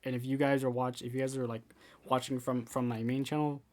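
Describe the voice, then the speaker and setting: A man's voice: medium pitch, little pitch movement, fairly quick, darkish tone. A man giving casual commentary for a game building tutorial, rambling with many repeated words and restarts.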